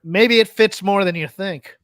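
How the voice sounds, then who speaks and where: A wry man co-hosting a live podcast recap, cutting in with quick asides. His voice is recorded dry and close, with no room around it. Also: high voice, a bit bright, dry recording. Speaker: podcast co-host. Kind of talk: casual livestream recap chat.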